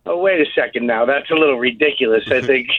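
A man's voice: medium pitch, fast, no room sound. A man calling in, trading cocky, playful trash talk. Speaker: caller. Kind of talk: phone banter. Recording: tinny phone line.

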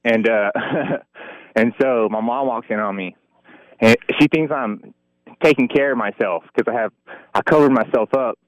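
A man's voice: medium pitch, a little slow, no echo, rough recording. A man in his twenties on a radio show telling an anecdote, rambling and restarting his sentences. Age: 20s.

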